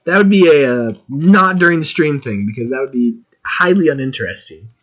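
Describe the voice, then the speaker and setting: A gaming streamer, a man with a mid-range voice, chats casually and excitably as he plays, narrating his thoughts about what he's doing. He talks briskly, and the audio sounds lo-fi.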